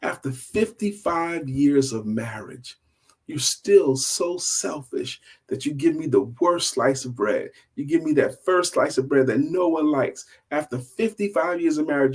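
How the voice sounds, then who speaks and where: A man's voice: high-pitched, animated, normal speed, vocal fry, darkish tone, slightly rough, distant mic, pitched above the performer's own voice, heavily acted. A man voicing an elderly wife, tearful and aggrieved. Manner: aggrieved, accusing.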